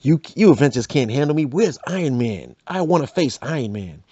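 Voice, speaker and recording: A man's voice: mid-range voice, animated, a little fast, slightly rough, dry recording, lo-fi sound. A man doing a roaring green giantess. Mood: taunting. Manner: roaring, shouting. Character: furious roaring green giantess, lonely and brash.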